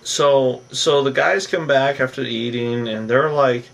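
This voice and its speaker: A man casually recapping a reality TV episode, rambling and animated, acting out what the cast said. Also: mid-range voice, measured pace, creaky, far from the mic. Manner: rambling, animated, acts out cast members' lines.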